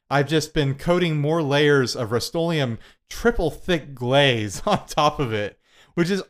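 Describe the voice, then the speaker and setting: Young male co-host, loose self-deprecating rambler with frequent laughter. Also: medium pitch. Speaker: podcast co-host. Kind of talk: casual chat.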